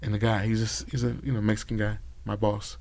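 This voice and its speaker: A man's voice: fairly low pitch, little pitch movement, fast, darkish tone, no room sound. A man, a former bodyguard and podcast guest, telling loose, profane stories full of quoted dialogue. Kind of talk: casual storytelling. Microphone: podcast mic.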